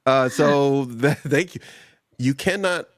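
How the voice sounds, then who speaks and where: A man's voice: mid-range voice, slow pace, slight background noise. A man hosting a casual panel chat on a live stream, teasing his guests and laughing often. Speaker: host. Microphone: video call.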